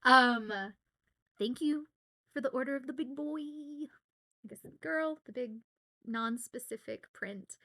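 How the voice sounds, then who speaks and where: A chatty young woman from Southwest Louisiana talks casually to her livestream viewers while signing. Her voice sits a little high and sounds sharp and bright. She giggles often and leans on "um" and "uh" between thoughts. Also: takes it slowly. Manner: chatty and giggly, with many fillers. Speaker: voice actor signing autographs on stream.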